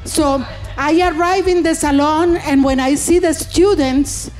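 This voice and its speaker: A woman stand-up comedian, telling stories with animated acted-out voices. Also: high-pitched, a little slow, faint music behind. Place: comedy stage.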